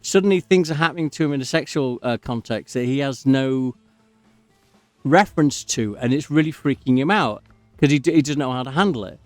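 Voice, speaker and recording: A man's voice: mid-range voice, animated, fairly quick, no room sound, faint music behind. Rambling man, dry close sound. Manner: rambling, digressive, easily sidetracked. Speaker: gaming channel host. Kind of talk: casual commentary while playing a game.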